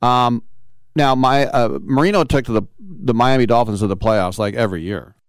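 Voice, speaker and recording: A man's voice: mid-range voice, normal speed, smooth, dry recording. Man, sports radio host, casual talk, rambling, jokey, dry booth sound. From Bay Area. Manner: rambling, jokey, self-mocking.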